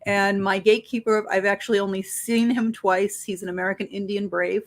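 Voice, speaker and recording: A woman speaking as an interview guest in an easy, conversational way, her pitch sitting in the middle of the usual range. She tells her stories with energy and acts out the voices of the people in them. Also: little pitch movement, fairly quick. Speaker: psychic medium guest.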